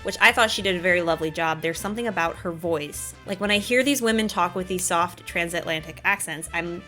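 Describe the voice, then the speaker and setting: A woman hosting a casual chat, animated and enthusiastic, often laughing as she talks. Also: lowish voice, brisk, faint music behind. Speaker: host.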